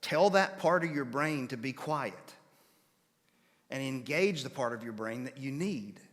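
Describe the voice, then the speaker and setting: A man's voice: mid-range voice, lively intonation, unhurried, a bit bright, long reverb tail. A man preaching a conversational Bible-class sermon in a church. He explains patiently and often checks in with his listeners by asking them questions.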